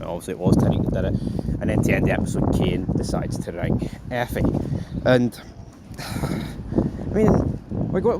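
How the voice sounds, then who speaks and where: A man's voice: fairly low pitch, very noisy. A man giving a rambling, offhand recap of a TV episode. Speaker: TV show reviewer.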